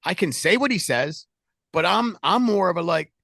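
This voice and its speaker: A middle-aged man leading a sales team, talking loudly and animatedly in a casual coaching chat. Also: sits high, moderate pace, creaky, dry recording. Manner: loud, animated, talks with his hands.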